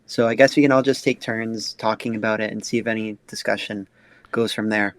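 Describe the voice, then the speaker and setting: A man's voice: on the low side, steady tone, a little fast. A young man hosting a casual podcast, asking loose questions with lots of fillers. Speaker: podcast host.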